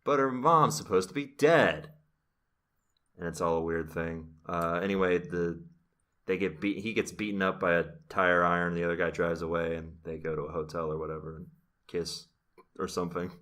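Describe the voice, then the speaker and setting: A man's voice: low voice, steady tone, moderate pace, a bit bright. A man casually recapping a TV episode on a podcast, rambling with fillers. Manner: rambling, with frequent fillers and laughs. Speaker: podcast host.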